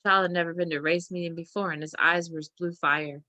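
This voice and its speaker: A woman reading a short story aloud in a steady, plain narration. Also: lowish voice, fast talker, dry recording. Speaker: reader.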